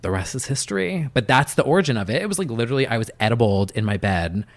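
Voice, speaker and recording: A young man talks as a podcast guest, rambling through his stories with plenty of "like" and quick asides. His voice sits at an ordinary middle pitch, and he sounds easy and conversational. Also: lively intonation. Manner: chatty, filler-heavy storytelling with many "like"s. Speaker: podcast guest, music producer. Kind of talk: casual interview chat.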